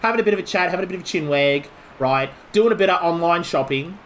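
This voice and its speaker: An Australian man from Melbourne rambles through a casual stream chat, his voice sitting a little high. He restarts his sentences and leans on "like" as he talks. A faint hiss of ambient noise stays under him. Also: animated, fast talker. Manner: rambling, chatty, full of "like" and restarts. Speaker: game streamer host.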